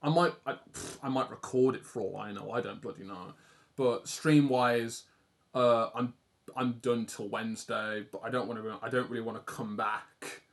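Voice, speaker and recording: A man's voice: mid-range voice, steady tone, moderate pace, creaky. A young man with an English accent, chatting casually and rambling on a livestream while he draws, self-deprecating and swearing now and then. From England. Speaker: art streamer.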